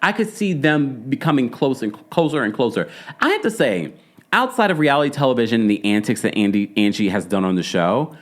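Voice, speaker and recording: Male recap host, mid-pitched, with big swings in pitch, emphatic and opinionated. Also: a little fast. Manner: animated, emphatic, mimics the people he discusses. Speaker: podcast host recapping a reality show. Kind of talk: casual opinionated recap commentary.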